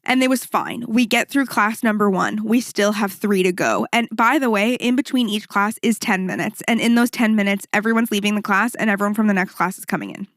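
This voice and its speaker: A woman hosting a podcast and telling a story in a casual, animated, rambling way, swearing freely and throwing in quick asides. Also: mid-range voice, no echo, studio quality. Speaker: podcast host and fitness instructor.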